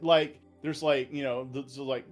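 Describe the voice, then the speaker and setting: A man's voice: mid-range voice, steady tone, moderate pace, soft background music. A man co-hosting a let's play, chatting casually and hesitantly, often searching for words. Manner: hesitant, lots of fillers and restarts. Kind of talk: casual chat over gameplay.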